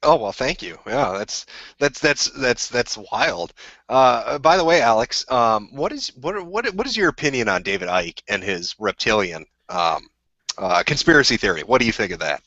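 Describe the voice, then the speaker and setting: A man hosting a stream talks in a joking, flustered way and keeps mixing up names. His voice moves a lot and has a bright, forceful tone. The audio is dull and lo-fi. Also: mid-range voice, sing-song, moderate pace, dry recording. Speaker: stream host.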